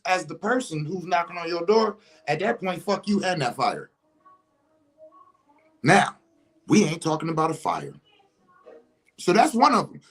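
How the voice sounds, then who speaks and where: A man's voice: on the high side, very animated, normal speed, long pauses, fairly bright tone, husky, rough recording. A man, talking in a casual monologue and acting out scenarios with rhetorical questions. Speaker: commentator.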